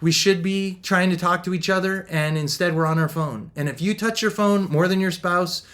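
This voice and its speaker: A middle-aged man coaching couples on faith and marriage, his voice riding notably high for a man. He talks with bouncy, upbeat energy and slips into quick little voices for the people he quotes. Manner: energetic and upbeat, laughs often. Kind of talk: motivational talk.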